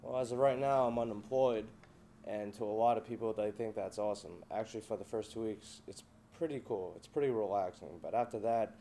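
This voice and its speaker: A man's voice: lowish voice, brisk, warm tone, slight background noise. A young adult man, a veteran, talking casually in a loose, rambling, offhand way. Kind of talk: casual interview talk.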